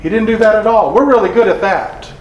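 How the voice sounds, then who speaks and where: A man preaching a sermon in an earnest manner, reading scripture slowly and deliberately. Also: high voice, lo-fi sound. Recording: echoey room.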